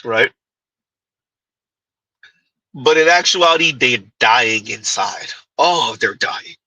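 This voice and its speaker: Husky, forceful man riffing on clips. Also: mid-range voice, lively intonation, slow pace, dry recording, low-quality recording. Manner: rambling, repeating himself, chuckling asides. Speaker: commentary show host. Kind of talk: casual commentary.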